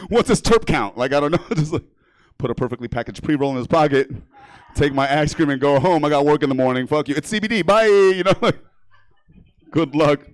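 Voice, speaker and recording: A man's voice: on the high side, fairly quick, clear, resonant tone, no room sound. Brash, profane New comedian man. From New York. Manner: brash, profane, laughing at his own jokes. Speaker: stand-up comedian. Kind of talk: stand-up comedy set. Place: comedy theater stage.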